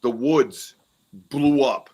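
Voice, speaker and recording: A man hosting a podcast, telling an outdoor encounter in an animated way and swearing when he gets worked up. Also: mid-range voice, extremely slow, slightly rough. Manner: animated, swears and yells when retelling scares. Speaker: podcast host. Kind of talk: casual storytelling interview.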